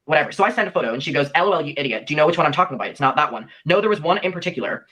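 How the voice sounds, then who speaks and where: A man's voice: a little high, expressive, racing, pushed and bright. A young man recounting a personal story in a played clip, animatedly acting out the lines of the people he quotes.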